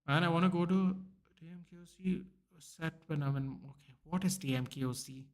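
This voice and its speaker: A man's voice: fairly high pitch, brisk, a little mellow. A young man, chatting casually to viewers during a live football watchalong stream. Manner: chatty, reacting aloud to chat, many restarts and "bro", "dude".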